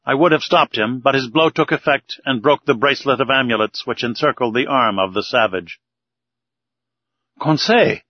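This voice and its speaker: A man's voice: medium pitch, brisk, few pauses, dry recording. Man narrating an audiobook, dull dry sound.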